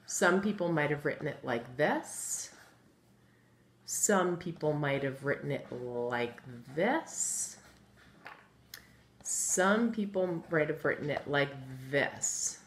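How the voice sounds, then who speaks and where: A woman teaching a first grade phonics lesson, patient and encouraging, spelling out words letter by letter as she writes them on a board. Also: low-pitched. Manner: writes on a board while talking. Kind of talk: recorded remote phonics lesson.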